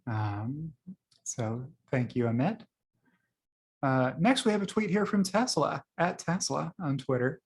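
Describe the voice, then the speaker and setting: Host, male, higher-pitched, casual rambling commentary full of fillers. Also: lively intonation, a little slow, slightly rough. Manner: chatty and rambling, with frequent fillers. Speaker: host reviewing liked tweets. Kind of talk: casual screen-share commentary.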